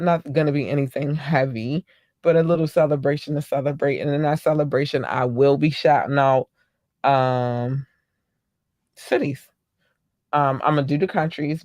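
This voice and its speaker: Excitable woman podcast host, dry close mic. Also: deep voice, dry recording. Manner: gushing, excitable, squeals in delight. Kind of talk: casual solo podcast chat.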